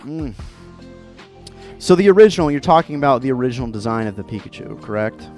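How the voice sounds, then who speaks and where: A man's voice: mid-range voice, lively intonation, brisk, darkish tone, soft background music. A man hosting a livestream, chatting casually and riffing playfully while he draws. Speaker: streamer host.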